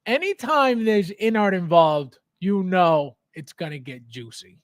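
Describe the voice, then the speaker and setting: A man's voice: sits high, lively intonation, measured pace, dry recording, studio quality. A man hosting a casual livestream from his home basement, greeting viewers by name, reading chat aloud and laughing often. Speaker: livestream host.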